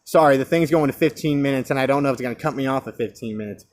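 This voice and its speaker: A man's voice: medium pitch, racing. A young man ranting alone about division and free speech, impassioned, firing rhetorical questions and restarting his phrases. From United States. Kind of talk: solo rant.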